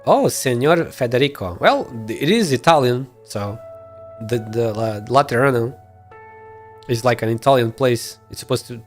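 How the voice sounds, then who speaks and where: A man streaming a game and chatting casually, relaxed, mumbling his plans and swearing now and then. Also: mid-range voice, normal speed, faint music behind.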